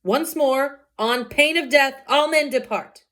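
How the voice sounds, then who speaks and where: A woman reading the lines of an angry male prince in a loud, slow, proclaiming way. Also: sits high, voice pushed up. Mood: stern. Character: stern commanding male prince, furious ruler.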